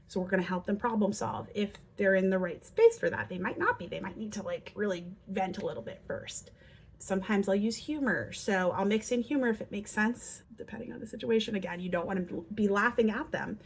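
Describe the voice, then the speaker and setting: A woman's voice: medium pitch, brisk, gravelly, a little hiss or hum. A woman talking earnestly to parents, giving advice on handling children's behavior and acting out example lines. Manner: earnest, acts out quotes in lively voices. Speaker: parenting educator. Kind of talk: instructional talk to parents.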